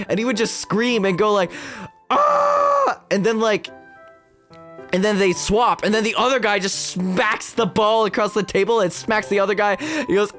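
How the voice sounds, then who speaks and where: A young man streaming as a VTuber, chatting casually and rambling with lots of fillers as he tells stories. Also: high voice. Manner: rambling, full of fillers, animated storytelling.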